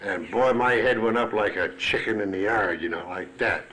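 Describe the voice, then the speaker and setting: A man's voice: fairly low pitch, moderate pace, sharp tone, poor audio. A man telling his own story at a recovery meeting, blunt and salty-tongued. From Chicago. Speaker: AA speaker. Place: meeting hall at a podium. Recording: archival 1980s meeting tape.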